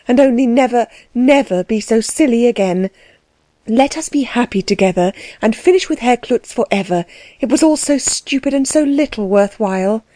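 A gentle young aunt speaks softly and pleadingly, her voice lifted a little above the reader's own, as a woman reads her for a storybook. The tone is mellow and warm, and the sound is dry and close. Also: on the high side, dry recording, voice pushed up, natural voice.

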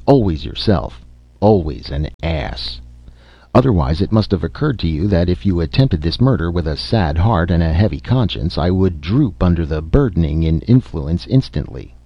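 A man's voice: low-pitched, no room sound, highs cut off, exaggerated voice. A man voicing a small, spiteful male conscience spirit who mocks and sneers, in an audiobook reading. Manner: sneering, scornful.

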